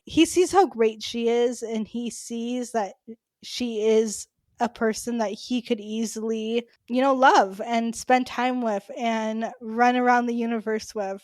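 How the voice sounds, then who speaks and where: A woman's voice: fairly high pitch, a little mellow, dry recording. A woman co-hosting a podcast, talking in a casual, chatty way with many "like" fillers. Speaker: podcast co-host. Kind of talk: casual chat.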